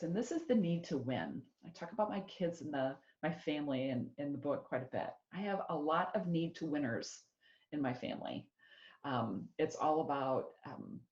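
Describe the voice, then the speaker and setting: A middle-aged woman from Iowa, an executive coach giving an animated presentation and acting out quoted voices. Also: low voice. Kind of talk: motivational presentation. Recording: echoey room, dull lo-fi sound.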